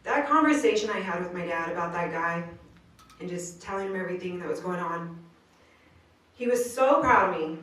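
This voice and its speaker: A woman's voice: fairly low pitch, animated, normal speed, a bit bright. A woman giving an earnest inspirational speech at a live venue, telling her story in casual slang. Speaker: motivational speaker. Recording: roomy distant live recording.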